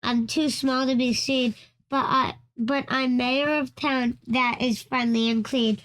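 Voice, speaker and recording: A woman's voice: sits high, steady tone, a little slow, fairly bright tone. A woman voicing a tiny, friendly male town mayor in a read-aloud storybook, eager and grateful.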